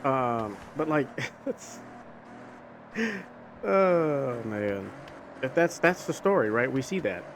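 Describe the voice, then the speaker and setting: Over faint car engine and road sounds from a driving game, a young gaming video host chats about faith in a relaxed, earnest way. His mid-range voice is slow, with long pauses, and his talk rambles with many restarts and fillers.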